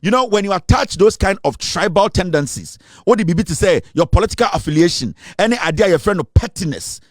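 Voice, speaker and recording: A man's voice: high-pitched, expressive, fast, no room sound. A Ghanaian man hosting a show, giving fiery political commentary in an emphatic, lecturing way from a studio. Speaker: radio and online show host. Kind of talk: fiery political commentary mixing Twi and English.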